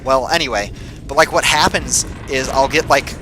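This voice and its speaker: A young man giving casual gameplay commentary, excitable and quick to swear and yell when he gets frustrated. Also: medium pitch, soft background music.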